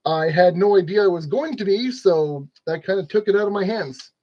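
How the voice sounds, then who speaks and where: A man's voice: high-pitched, moderate pace, muffled recording. A man narrating a model kit build in a casual, rambling way, scolding his tools and joking at his own expense. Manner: rambling, talks to objects, self-deprecating.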